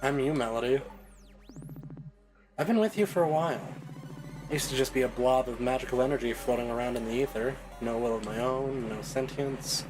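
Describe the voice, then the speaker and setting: A man's voice: medium pitch, pitched below the performer's own voice, close to an everyday voice, rough recording. Dude playing a snarky evil twin girl, sarcastic and mean, music in the back. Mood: smug. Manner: taunting, sarcastic. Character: mocking mirror self, cruel young woman. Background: game soundtrack music.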